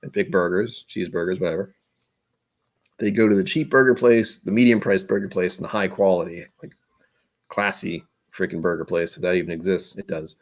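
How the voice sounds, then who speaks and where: A man hosting a casual livestream, chatting and rambling, often trailing off into quiet asides. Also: sits low, fairly even intonation, fairly quick. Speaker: livestream host.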